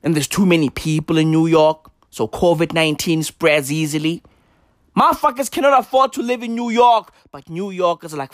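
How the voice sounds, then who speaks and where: A man's voice: fairly high pitch, moderate pace, no echo, studio quality. A young man delivering a profane comedic rant, emphatic and slangy, repeating his points over and over. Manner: repetitive, emphatic, slangy, swearing. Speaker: comedic commentator.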